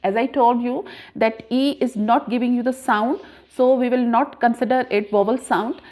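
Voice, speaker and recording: A woman teaching a grammar lesson, explaining slowly and repeating points, with frequent pauses. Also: on the high side, fairly even intonation, a little mellow. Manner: slow, deliberate, repeats points with many "uh" pauses. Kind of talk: classroom lesson explaining syllables.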